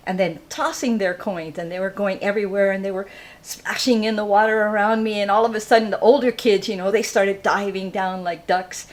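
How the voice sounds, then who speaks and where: Animated older woman from Hawaii telling a story. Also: medium pitch, brisk. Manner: animated, laughs often, acts out the voices in her story. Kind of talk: live personal storytelling.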